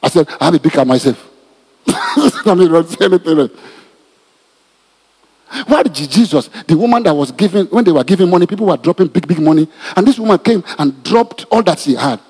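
A man preaching a sermon as a pastor, animated, often laughing and repeating himself. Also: sits high, brisk, breathy edge. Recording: reverberant hall.

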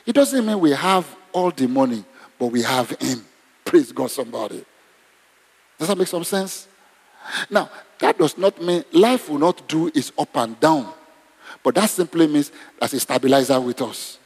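A man preaching a sermon, animated and exclamatory, leading the congregation in prayer. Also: fairly high pitch, normal speed, breathy edge. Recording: long reverb in a hall.

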